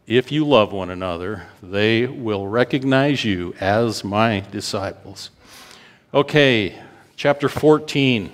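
Animated preacher in a reverberant hall. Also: male voice, fairly low pitch. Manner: animated, drawn-out emphatic scripture reading. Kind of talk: sermon.

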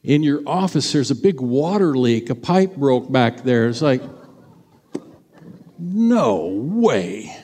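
A middle-aged male pastor tells stories from the pulpit in a chatty, conversational sermon. His voice sits at an ordinary pitch and now and then jumps up in sudden bursts of emphasis. A long reverb trails each phrase through the church sanctuary. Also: normal speed, hardly any pauses, mellow.

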